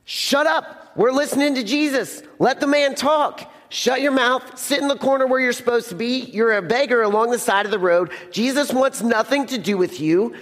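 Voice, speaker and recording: A man acting out an irritated crowd scolding a beggar to be quiet, in a reverberant hall. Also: extremely high pitch, normal speed, few pauses, voice pushed up. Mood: scornful. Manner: scornful, scolding.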